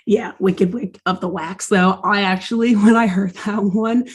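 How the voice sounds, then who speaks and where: A woman's voice: medium pitch, steady tone, unhurried. A woman co-hosting a podcast, recapping a cartoon episode in casual chat, swearing and laughing often.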